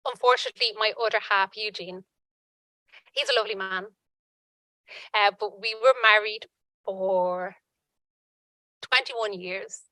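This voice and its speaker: A woman giving earnest personal testimony at a conference panel, halting with frequent restarts. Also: medium pitch, pushed and bright, no echo, rough recording.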